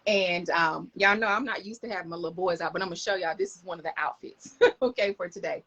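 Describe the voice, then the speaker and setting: A woman's voice: lowish voice, steady tone, fast, pushed and bright, highs cut off. A middle-aged woman, chatting enthusiastically to viewers in a casual live stream, recorded on a phone camera.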